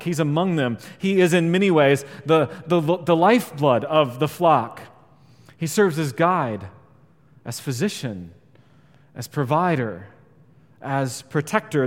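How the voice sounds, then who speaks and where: Earnest man preaching in an echoing hall. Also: on the high side. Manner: earnest, swells louder on key points and drops quiet on scripture. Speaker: pastor. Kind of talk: sermon. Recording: long reverb of a large hall.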